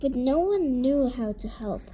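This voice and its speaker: A woman reading a children's witch story aloud, slowly and expressively. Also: high voice, expressive, warm tone, a little hiss or hum, poor audio. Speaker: storybook reader.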